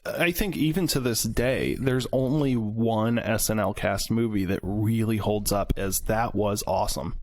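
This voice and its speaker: A man's voice: on the low side, unhurried, hardly any pauses. A man from central Indiana co-hosting a podcast, ranting animatedly in casual chat and laughing at his own points. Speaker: podcast co-host.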